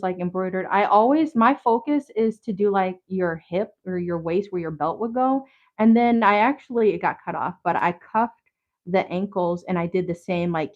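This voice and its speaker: A woman hosting a casual livestream, chatting to viewers with lots of fillers and slang, a little out of breath. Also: mid-range voice. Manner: chatty and rambling, many fillers and restarts. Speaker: livestream host showing handmade crafts. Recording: slightly dull lo-fi stream audio.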